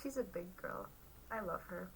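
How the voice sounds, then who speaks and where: A woman's voice: fairly low pitch, moderate pace, slightly rough, recorded from a distance, low-quality recording. A woman co-hosting a casual chat show, playful and teasing, often laughing. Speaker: podcast co-host.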